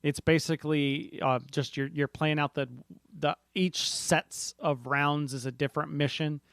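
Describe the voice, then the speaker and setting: A man's voice: fairly high pitch, steady tone, unhurried, fairly bright tone, smooth, dry recording, clean studio sound. A man co-hosting a casual board game podcast, rambling and often restarting his sentences. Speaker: podcast co-host.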